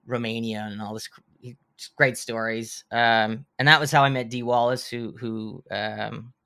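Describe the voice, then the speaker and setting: Man, thirties, podcast guest, bright voice, animated storyteller, stammering restarts. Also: fairly low pitch. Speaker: podcast guest, horror filmmaker. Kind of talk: casual podcast conversation, storytelling.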